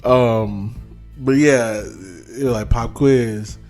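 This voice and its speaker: A man co-hosting a casual movie review podcast, relaxed, trailing off into quiet asides. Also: medium pitch, drawn-out words, soft background music. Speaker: podcast co-host.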